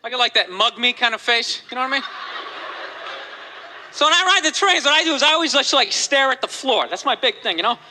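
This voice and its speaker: Male stand-up comic, rambling, lively pitch, noisy live crowd. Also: quick pace. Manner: rambling, full of fillers like "you know". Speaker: stand-up comedian. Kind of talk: stand-up routine.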